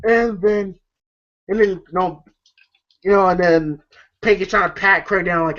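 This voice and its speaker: A man's voice: high-pitched, fairly even intonation, measured pace, pauses often, a bit bright. Brief: man rambling through a movie recap, swearing a lot, lo-fi sound. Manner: rambling, profane, lots of fillers. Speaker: movie reviewer. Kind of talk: casual movie review vlog. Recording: dull lo-fi recording.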